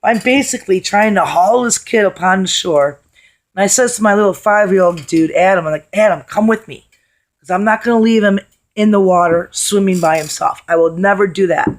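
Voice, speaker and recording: A hoarse woman telling a story in a casual vlog, chatty and blunt, swearing freely. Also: mid-range voice, a little fast. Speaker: vlogger.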